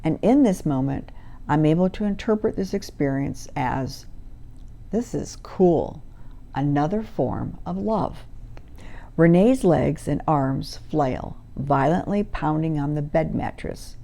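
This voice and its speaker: A woman reads session stories from her own book, calm and measured. Her voice is low and gravelly, with a dark, mellow tone. She speaks slowly. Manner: calm, measured, soothing instructions. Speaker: hypnotherapist reading her book. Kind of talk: audiobook reading of session stories.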